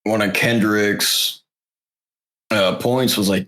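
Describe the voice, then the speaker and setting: Slow-talking young man, rambling chat. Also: on the low side, fairly bright tone. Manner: rambling, filler-heavy storytelling. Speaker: podcast co-host. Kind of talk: casual chat.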